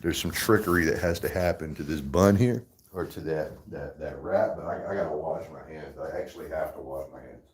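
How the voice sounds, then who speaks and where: A man's voice: very deep voice, fairly quick, hardly any pauses, slightly rough. A man hosting a casual livestream, rambling, swearing freely and laughing often. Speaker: livestream host. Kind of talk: casual livestream chat while eating.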